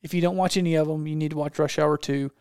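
Enthusiastic rambling man, clear dry voice. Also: a little high, fairly even intonation, fast talker, a little mellow, no room sound. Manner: rambling, enthusiastic, restarts often. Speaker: podcast host. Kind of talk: casual chat.

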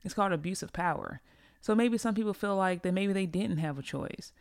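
A woman's voice: medium pitch, a little fast, dry recording, studio quality. Blunt, profane woman podcast host. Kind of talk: casual opinion monologue.

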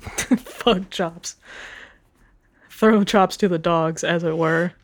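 A woman's voice: on the low side, extremely slow, no room sound. A woman reading fan fiction aloud on a podcast, with amused, profane asides. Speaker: podcast co-host reading a story.

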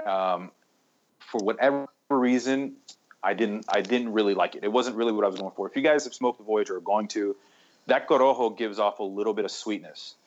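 A man telling his story as a guest in a relaxed chat, rambling with many fillers and restarts. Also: lowish voice, brisk. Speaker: cigar maker guest. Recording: slightly dull lo-fi sound.

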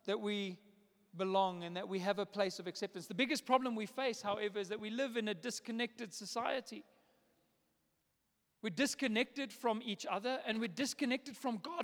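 A man in his thirties, a pastor, preaching a sermon in a church auditorium in a conversational, animated way. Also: high-pitched. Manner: conversational, animated storytelling with laughs. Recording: long reverb of a large hall.

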